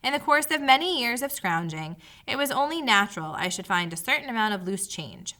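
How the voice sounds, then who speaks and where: A woman voicing a small, fretful male mouse who hoards his savings, speaking in a high, pitiful, flowery way. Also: very animated, brisk, bright, forceful tone. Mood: pitiful, dramatic.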